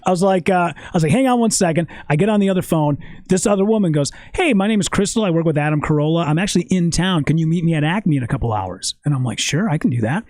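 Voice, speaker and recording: High-voiced profane man telling stories. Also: fast, no room sound. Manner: animated, profane storytelling. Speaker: podcast guest. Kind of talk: casual storytelling chat.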